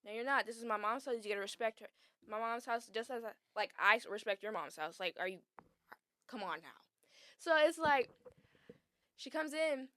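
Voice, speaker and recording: A young woman tells a story on a casual podcast in a bright, piercing voice. She acts out every quote and swears freely. The sound is dry and close. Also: a little high, animated, normal speed, pauses often, no echo. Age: young adult. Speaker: podcast co-host.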